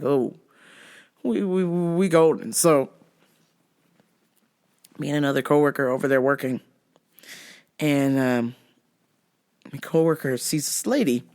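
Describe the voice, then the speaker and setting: A woman hosting a podcast who tells stories in a profane, animated way, laughing often and acting out other people's lines. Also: low-pitched. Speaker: podcast host. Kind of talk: comedic storytelling.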